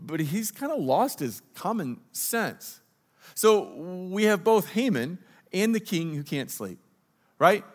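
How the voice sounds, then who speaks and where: A man's voice: sits high, big pitch swings, slow. A male pastor preaching a sermon, telling the story and acting out the characters' lines. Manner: storytelling, acts out dialogue of the characters.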